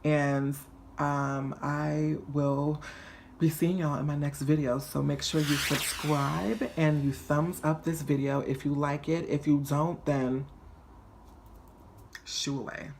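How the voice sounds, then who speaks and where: A man in his twenties telling a personal story on his vlog in a chatty, flamboyant and animated way. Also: a little high, slow, gravelly, slight background noise. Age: 20s. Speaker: vlogger.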